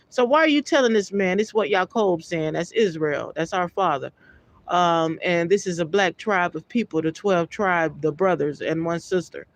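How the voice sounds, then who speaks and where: A woman's voice: on the low side, normal speed. A woman reading Bible passages aloud in an elevated tone and breaking off into loose, filler-laden commentary. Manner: reads archaic scripture in a lifted tone, then drops into loose asides with fillers. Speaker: scripture reader.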